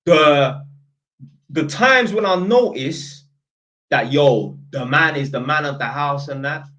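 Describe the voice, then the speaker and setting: A man's voice: fairly high pitch, expressive, takes it slowly, a bit bright, poor audio. Blunt London man ranting casually. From North London. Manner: blunt, opinionated, slangy ranting. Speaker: channel host. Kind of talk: casual storytelling to camera.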